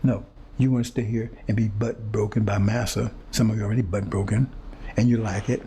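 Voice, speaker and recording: A man's voice: lowish voice, steady tone, fairly quick, mellow, a little hiss or hum. A man delivering an impassioned, confrontational monologue to his audience, repeating phrases and stumbling over words as he searches for them. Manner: fiery, confrontational, repetitive phrasing; stammers and restarts when searching for words. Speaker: preacher speaking to his audience.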